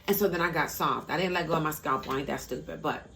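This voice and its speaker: Low gravelly woman telling a story. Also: quick pace, faint music behind. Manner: animated storyteller, acts out quotes in a higher voice. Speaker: vlogger. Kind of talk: casual storytelling vlog. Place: parked car.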